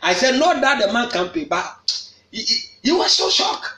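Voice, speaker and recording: A man preaching at a prayer meeting, shouting and repeating phrases for emphasis. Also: very high voice, very animated, moderate pace. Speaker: apostle leading a prayer meeting. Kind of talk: fiery preaching. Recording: echoey room.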